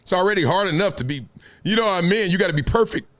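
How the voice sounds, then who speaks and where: A man hosting casual commentary in a high voice for a man, swinging widely in pitch as he tells animated stories. He acts out quotes as he talks. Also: racing. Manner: animated storytelling, acting out quotes. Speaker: show host.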